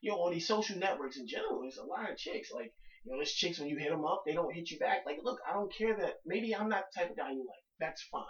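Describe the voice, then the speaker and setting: A young man hosting a podcast, talking bluntly and profanely in a casual rant, swinging between low mutters and loud outbursts. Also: expressive, quick pace, hardly any pauses. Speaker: podcast host. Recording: roomy, dull lo-fi home recording.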